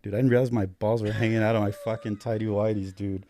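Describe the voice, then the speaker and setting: A man's voice: on the low side, fairly even intonation, brisk, hardly any pauses, no echo, clean studio sound. A man in his thirties, a paramedic and Marine veteran, telling stories in casual, profane chat. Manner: profane, laid-back storytelling that grows loud and laughing.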